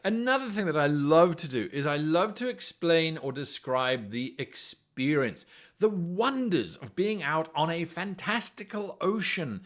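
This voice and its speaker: A man's voice: on the high side, big pitch swings, normal speed, fairly bright tone. A man hosting an instructional video, giving game master advice in an enthusiastic, conversational way.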